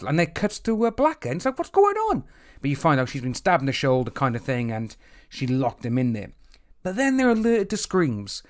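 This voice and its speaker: A man casually recapping and reviewing a TV episode, slipping into quick acted-out reactions of the characters. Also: medium pitch. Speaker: TV series reviewer.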